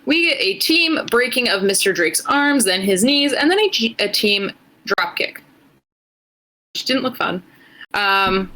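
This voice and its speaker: A woman's voice: medium pitch, pushed and bright, low-quality recording. A woman co-hosting a podcast, giving a casual, swearing play-by-play recap of wrestling matches. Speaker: podcast co-host. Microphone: headphones.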